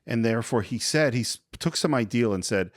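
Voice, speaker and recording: A man's voice: medium pitch, a little fast, no room sound, clean studio sound. A man co-hosting a casual film podcast, retelling scenes with acted-out quotes and historical asides. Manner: animated storyteller, acts out quoted lines. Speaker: podcast co-host.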